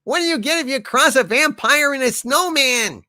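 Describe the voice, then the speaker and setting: A man voicing Harvey, a wild male puppet who tells corny pun jokes in shrill outbursts. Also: animated, normal speed, bright, forceful tone, no room sound, studio quality, full character voice. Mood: manic.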